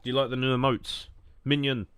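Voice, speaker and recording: A young man streaming a game, rambling and joking casually while answering chat in a flat, monotone way. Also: brisk, clean tone, no echo. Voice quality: low monotone voice. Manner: rambling, jokey, reacting to chat.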